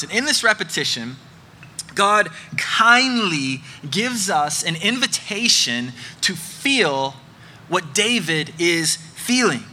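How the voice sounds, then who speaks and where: A man's voice: high-pitched, expressive, unhurried, pushed and bright. A man preaching a sermon, earnest and emphatic, repeating phrases for effect.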